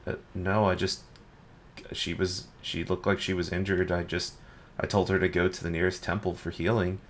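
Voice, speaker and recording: A man voicing a sheepish, embarrassed young male guard who answers in hesitant, halting bits in a tabletop game. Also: deep voice, little pitch movement, a little hiss or hum, lightly acted.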